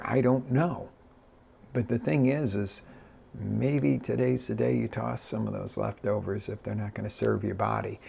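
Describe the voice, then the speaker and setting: A man coaching live in an energetic, direct way, addressing his listeners with many quick restarts. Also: on the low side, creaky, breathy edge. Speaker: life coach. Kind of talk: live motivational talk.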